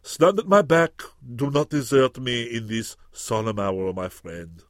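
A man voicing a pompous, fearful French duelist in a solemn, melodramatic, drawn-out way. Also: mid-range voice, no room sound, studio quality, close to an everyday voice. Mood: mournful.

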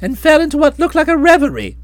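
A woman narrating a comic story for an audiobook in a playful, expressive manner. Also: high-pitched, fast, no echo.

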